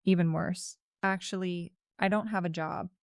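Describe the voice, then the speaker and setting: A woman's voice: fairly low pitch, fairly even intonation, normal speed, smooth, no echo, clean studio sound. A young woman narrating a first-person story in a casual, chatty way, with lots of "like" fillers.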